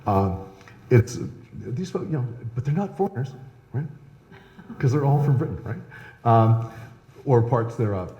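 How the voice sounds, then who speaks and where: This male historian's live lecture is expressive and measured, with long pauses, in a mellow mid-range voice. Chatty, he keeps checking in with "right?" as he gives a public talk in a historical society lecture room. The audio sounds dull, with long echoey-hall reverb.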